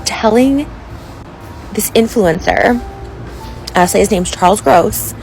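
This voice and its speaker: A woman's voice: medium pitch, takes it slowly, gravelly, a little mellow, soft background music, poor audio. An upset woman ranting into a phone selfie video, rambling with lots of fillers and breaking off mid-sentence. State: upset, close to tears. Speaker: social media influencer. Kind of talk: emotional selfie video rant.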